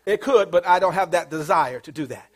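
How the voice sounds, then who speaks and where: A man's voice: high voice, animated, brisk. A middle-aged pastor preaching a sermon, with playful call-and-response to his congregation.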